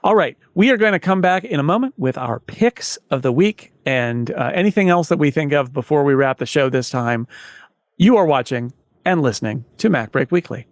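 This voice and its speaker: A man hosting a tech podcast, moving the show along briskly. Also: fairly high pitch, expressive, no room sound, studio quality. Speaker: host.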